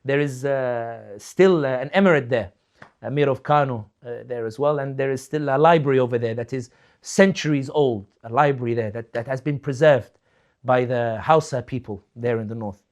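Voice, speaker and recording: A man's voice: mid-range voice, moderate pace, darkish tone. A man, likely a young adult, speaking as a political commentator in an impassioned talk, fervent and rhetorical, building points with repeated questions.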